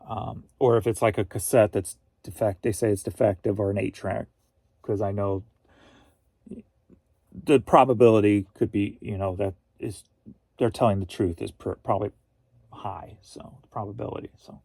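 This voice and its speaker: A man's voice: lowish voice, fairly even intonation, moderate pace, gravelly, mellow, slightly rough, no room sound. A middle-aged man from Missouri hosting a casual livestream, rambling easily and reading viewer comments aloud. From Missouri, USA. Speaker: host.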